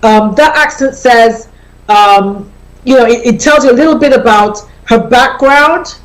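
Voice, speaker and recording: A woman's voice: fairly high pitch, unhurried, poor audio. A woman hosting a radio show, talking casually and explaining her points, often repeating them for emphasis. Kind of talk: conversational radio talk on personal branding. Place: radio studio.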